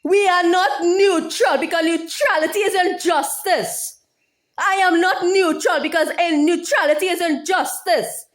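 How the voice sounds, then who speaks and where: Woman, high-pitched voice, heated profane rant, repeats herself, solo vlog monologue. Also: steady tone, unhurried. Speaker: YouTuber. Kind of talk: impassioned monologue.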